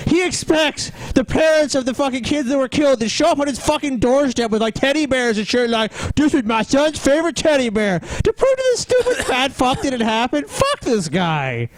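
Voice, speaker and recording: A man's voice: very high voice, big pitch swings, a little fast, dry recording, poor audio. A man co-hosting a podcast, swearing a lot and speaking with exasperated sarcasm. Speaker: podcast co-host. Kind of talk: casual podcast banter.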